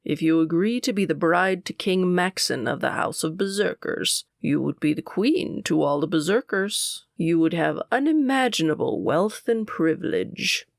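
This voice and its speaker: A woman voicing a stern male school official who speaks in a cold, condescending, lowered voice. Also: lively intonation, moderate pace, vocal fry, few pauses, no echo, studio quality. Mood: scornful.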